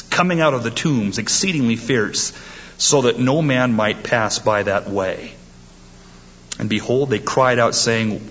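A man preaching with a husky, slightly breathy voice, pressing his points home emphatically and lifting his voice as he quotes scripture. The sound is dull and lo-fi, like an old church tape. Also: medium pitch, a bit bright. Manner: emphatic preaching, quoting scripture with rising force. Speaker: pastor. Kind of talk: sermon.

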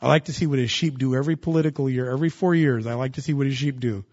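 A man preaching a sermon, asking the congregation rhetorical questions and rising into loud bursts of emphasis. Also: mid-range voice, racing, no room sound, lo-fi sound. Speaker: pastor.

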